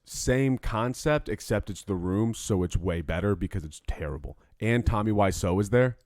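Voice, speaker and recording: A young man co-hosting a podcast in casual chat, telling stories in an animated, profane way. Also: lowish voice, normal speed, no room sound, studio quality. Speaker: podcast co-host.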